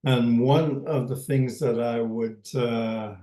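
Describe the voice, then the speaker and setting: A man with a northern Ojibwe accent teaching a casual language class, halting often with fillers and soft chuckles. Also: mid-range voice, fairly even intonation. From northern Ojibwe community in Canada. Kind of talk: informal online language class. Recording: roomy, echoey room.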